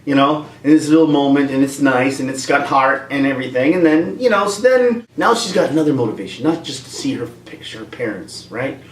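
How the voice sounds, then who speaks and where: In a room at home with a dog nearby, a video creator delivers a rambling comedic rant, jumping into different voices. He talks fairly quickly with few pauses in an animated, medium-pitched voice, captured roomy and distant from the mic.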